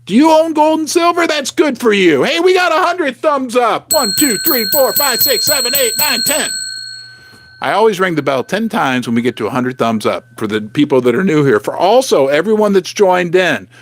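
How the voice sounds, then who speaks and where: A middle-aged man hosting a live stream from his basement, talking straight to viewers in an animated, emphatic way. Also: sits high, fairly quick, hardly any pauses, background noise. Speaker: livestream host. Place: home basement.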